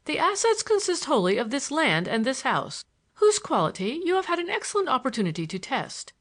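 A woman's voice: fairly high pitch, fairly bright tone, pitched above the performer's own voice. A woman reading an audiobook, voicing a stern, impatient male estate executor with a curt, indignant manner.

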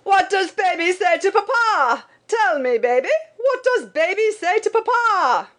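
A woman reading aloud, voicing a loud doting father who shouts sing-song baby talk at his children. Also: very high voice, very animated, unhurried, voice pushed up, heavily acted. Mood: shouting cheerfully.

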